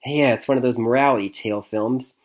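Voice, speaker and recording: A man's voice: mid-range voice, fairly even intonation, fairly quick. A young man from Michigan giving a casual spoken movie review, rambling with many fillers and restarts and chuckling often. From Michigan, USA.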